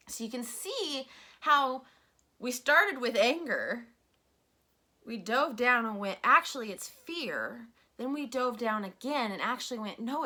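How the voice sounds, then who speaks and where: A woman's voice: medium pitch, sharp tone. A woman hosting a solo podcast, talking in a candid, conversational, self-reflective way. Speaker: podcast host.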